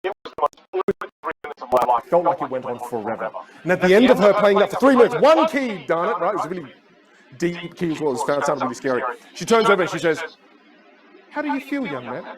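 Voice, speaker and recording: A man's voice: high-pitched, a little fast, long pauses, rough recording. A man whose first language is Teochew gives a keynote talk as a communication coach. He tells stories and acts out the voices. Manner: animated storyteller who acts out voices. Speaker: public speaker and communication coach. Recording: live talk with loud crowd and noise.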